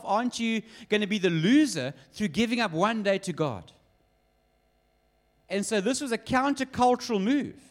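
A man preaching a sermon, telling stories with acted quotes. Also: high-pitched. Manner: lively storytelling with acted quotes. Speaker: pastor.

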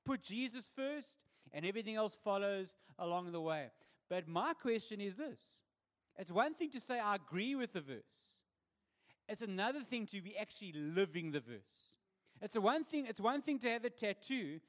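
South african pastor, high voice, chatty joking sermon. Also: male voice, lively intonation, normal speed. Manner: conversational, humorous preaching.

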